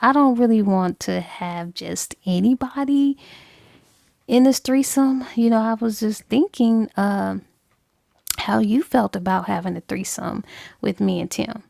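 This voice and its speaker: A woman's voice: medium pitch, a little slow, gravelly, a little mellow, no echo, clean studio sound. A woman voicing a young wife who earnestly tries to persuade her husband and best friend, speaking in a pleading, coaxing way.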